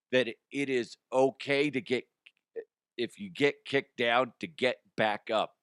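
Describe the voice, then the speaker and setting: A man hosting a comedy show, his voice hoarse and strained, chatting casually in a rambling, excitable way and laughing often. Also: lowish voice, no echo, studio quality. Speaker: comedy show host and youth baseball coach.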